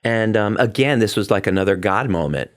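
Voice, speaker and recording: A middle-aged man, a Broadway performer as a guest, telling a personal story in an earnest, excitable way, often acting out what people said. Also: lowish voice, fairly quick. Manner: excitable, acts out quotes with big vocal swings; earnest and heartfelt.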